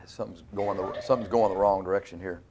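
A man's voice: sits low, steady tone, quick pace, warm tone, dull audio. Guy preaching, folksy and chatty, bible teaching w asides. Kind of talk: sermon.

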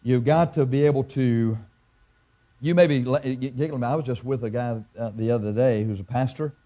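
A male pastor delivers a sermon in a mellow, warm voice. He tells stories, repeats his points for emphasis, and often stops and restarts mid-phrase. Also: medium pitch. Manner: storytelling preacher, halting restarts, emphatic repetition.

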